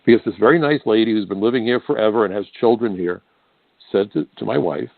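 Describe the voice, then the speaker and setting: A man's voice: on the low side, fast talker, creaky, no room sound. An older man from the United States, hosting a talk radio show and delivering an emphatic, indignant monologue straight to the listeners. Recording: dry, phone-like narrow band.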